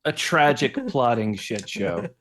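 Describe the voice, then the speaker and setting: A man's voice: medium pitch, expressive, a little slow, a bit bright. Man, tabletop player, teasing, laughing. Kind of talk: casual tabletop play.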